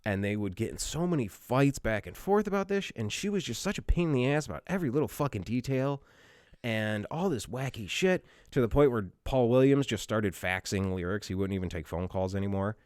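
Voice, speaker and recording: A man's voice: mid-range voice, animated, fairly quick, a little mellow, clear, resonant tone, dry recording, clean studio sound. A man casually telling a long, profane story as a podcast co-host. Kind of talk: casual chat.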